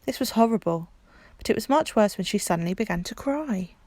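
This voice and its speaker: A woman, hosting a library storytime and reading a children's book aloud in a calm, clear way. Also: mid-range voice, fairly quick, no echo.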